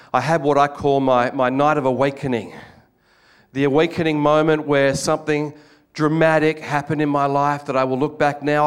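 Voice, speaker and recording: A man preaching a personal testimony to a church crowd, his voice a touch high and notably smooth and resonant. He talks in an earnest storytelling way, often stopping to restart and repeating words. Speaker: guest speaker giving testimony. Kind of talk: testimony sermon to a congregation.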